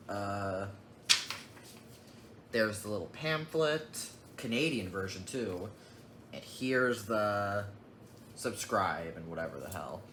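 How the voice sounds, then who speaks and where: A man's voice: lowish voice, lively intonation, takes it slowly, long pauses, a bit bright. A young man casually showing off his disc collection, rambling in an offhand way and muttering asides. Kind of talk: casual unboxing vlog. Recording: echoey room with clear background noise.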